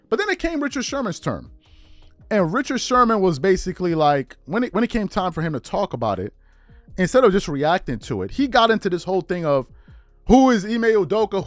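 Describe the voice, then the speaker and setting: A man's voice: a little high, no echo. A man hosting a podcast, riffing through incredulous rhetorical questions in casual commentary. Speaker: podcast host.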